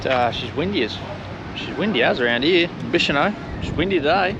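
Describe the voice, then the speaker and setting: A young Australian man vlogging his travels outdoors, casual, slangy and often excited. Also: on the high side, brisk, highs cut off. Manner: laid-back, slangy, excitable. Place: outdoors on a windy coast. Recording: outdoor recording with wind noise.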